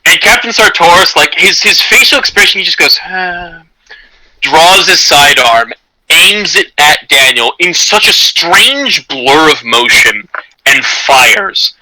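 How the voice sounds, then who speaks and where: Bright-voiced man running a tabletop game. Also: a little high, lively intonation, a little slow, dry recording, poor audio. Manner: loose, rambling with many fillers. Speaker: game master. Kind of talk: narrating a tabletop game over voice chat.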